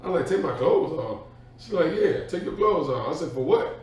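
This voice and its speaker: A man telling an animated childhood story in a casual podcast chat. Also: fairly high pitch, normal speed. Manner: animated, acts out voices in his story. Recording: echoey room, far from the mic.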